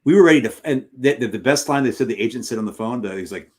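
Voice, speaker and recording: A middle-aged man, a high school teacher, telling a long, animated anecdote in casual chat with restarts and loud bursts. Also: very fast, few pauses. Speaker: podcast co-host. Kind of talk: casual storytelling on a sports stream.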